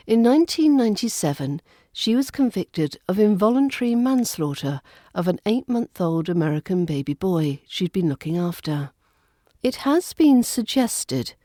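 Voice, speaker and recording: A middle-aged woman with an RP British accent, an accent coach reading a podcast lesson in a clear, precise and measured way. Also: lowish voice, dark tone, no room sound, clean studio sound. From England.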